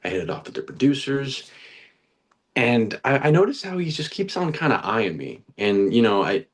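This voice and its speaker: A man's voice: medium pitch, sing-song, normal speed. A young man, a guest actor, telling his story in a casual interview, earnest and chatty, with lots of restarts and slang like "dude". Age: young adult.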